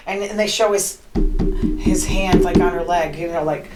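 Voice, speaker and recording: A woman hosting a podcast, chatting in an opinionated, animated way as she retells gossip and quotes people. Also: on the low side, moderate pace, echoey room, slight background noise, rough recording. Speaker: podcast host. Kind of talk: casual gossip monologue.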